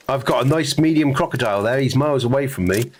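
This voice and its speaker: A man's voice: medium pitch, slight background noise. A laid-back man from Scotland hosting a hunting game stream, swearing often and laughing easily. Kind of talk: casual gaming chat.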